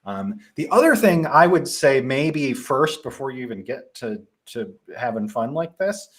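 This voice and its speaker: A young man with a Midwestern accent, casually presenting a live software tutorial with frequent ums and restarts. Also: medium pitch, expressive, unhurried. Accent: Midwestern American.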